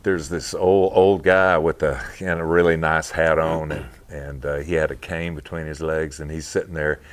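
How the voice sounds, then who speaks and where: A very low-voiced man recounts old memories in a casual interview. He talks in a halting, rambling way, full of fillers and restarts, and breaks into laughter often. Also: flat delivery. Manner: laughs often while telling stories. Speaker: interview guest, former wrestler.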